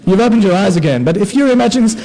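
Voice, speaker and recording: A man tells comic stories about himself to a live audience. His voice sits fairly high, and he delivers the talk with animated, self-deprecating asides and playful sound effects. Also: racing, low-quality recording. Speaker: conference speaker, anaesthetist. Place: conference hall with an audience.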